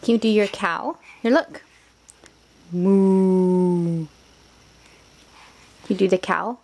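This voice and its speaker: A woman, a parent at home, coaxing her toddler in slow, gentle, sing-song baby talk for a home video. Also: mid-range voice, gravelly.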